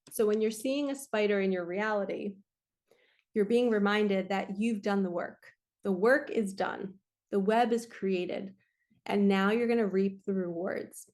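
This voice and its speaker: A woman's voice: medium pitch, darkish tone. A woman, earnestly giving a casual spiritual card reading. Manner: earnest, emotional, spiritual-coaching talk. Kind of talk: casual tarot-style energy reading.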